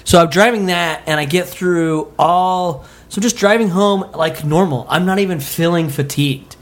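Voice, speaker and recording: A man from Utah telling a story on a comedy podcast, animated, laughing and swearing freely. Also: high voice, moderate pace. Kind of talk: casual storytelling.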